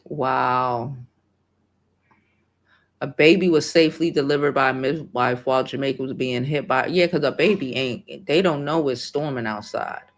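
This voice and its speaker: A woman with a deep bass voice hosts a casual livestream, speaking at a normal speed. She talks with heartfelt emotion and emphasis, swears freely, and repeats hopeful affirmations again and again.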